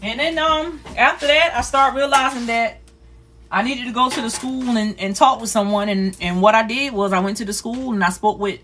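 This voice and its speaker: A woman on a phone livestream, telling a painful personal story in a rapid, repetitive, earnest way. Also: on the high side, fairly bright tone, slight background noise. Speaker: livestream host.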